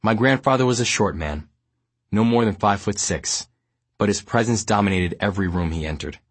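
A man from New York narrates his own memoir with a low, slightly husky voice. His reading is measured and steady, recorded close and dry with no room sound. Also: dry recording. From New York, United States.

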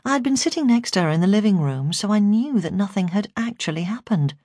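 A woman who is a foster carer narrating her memoir as an audiobook, in a steady, measured way. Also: mid-range voice, no room sound, clean studio sound.

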